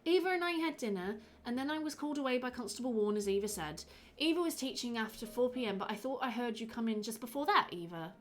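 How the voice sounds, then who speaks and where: A woman voicing a mild male village doctor with an Irish accent, speaking hesitantly and softly. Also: a little high, lively intonation, quick pace, a little hiss or hum, lightly acted. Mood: measured.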